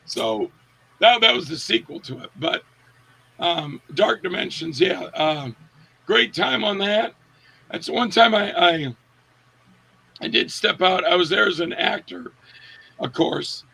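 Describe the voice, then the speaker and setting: A man's voice: high-pitched, a little slow, gravelly, pauses often, breathy edge. A man, an actor being interviewed, telling set stories in a casual way and acting out the quotes with a raised voice. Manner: animated, acts out quotes with raised voice. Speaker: actor guest.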